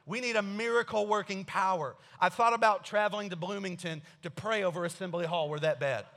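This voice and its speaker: A man preaching a sermon as pastor, animated and joking, telling personal stories. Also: high-pitched, fairly quick. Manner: animated, joking asides, storytelling.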